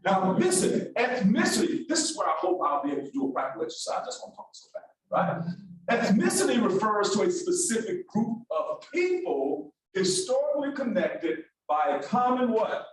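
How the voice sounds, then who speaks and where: Instructor, brisk and high-pitched, echoey distant hall sound. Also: male voice. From Alabama, US. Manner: brisk, animated, calls on the room. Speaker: workshop instructor. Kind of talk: interactive classroom lecture. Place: large echoey classroom.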